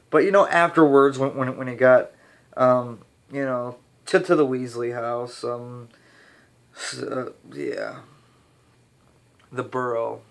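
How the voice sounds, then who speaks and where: A man's voice: mid-range voice, a bit bright. Rambling young man reviewing a movie. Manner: rambling, ranting with restarts. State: slightly hoarse. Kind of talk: casual video review.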